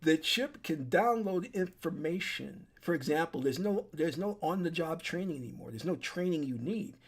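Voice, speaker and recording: An online commentator with a fairly high, lively voice at normal speed addresses his desk webcam in a solo warning monologue. He sounds urgent and preachy, repeating himself and restarting sentences as he goes.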